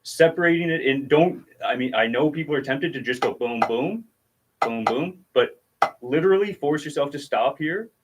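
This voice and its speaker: A man's voice: a little high, brisk, a little hiss or hum. A man giving a casual drum lesson on a livestream, patiently explaining technique and counting out strokes as he demonstrates. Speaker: drum teacher.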